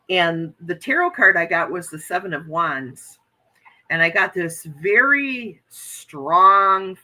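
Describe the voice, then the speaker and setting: Bright-toned American woman chatting casually. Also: fairly low pitch, poor audio. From United States. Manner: chatty, earnest, reads viewer comments aloud. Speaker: livestream host reading chat. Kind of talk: casual chat.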